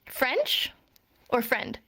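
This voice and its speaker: A woman's voice: drawn-out words, pushed and bright. A young woman casually teaching a sign language class online, chatty with many fillers and frequent laughs.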